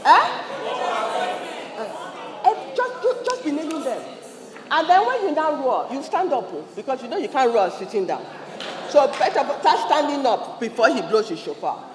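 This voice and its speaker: Against crowd noise, this conference speaker's very high voice swings widely in pitch as he talks briskly. Speaking with a Nigerian English accent, he gives a fiery motivational talk in a large event hall, firing questions at the crowd, with long hall reverb and faint ambience on the recording.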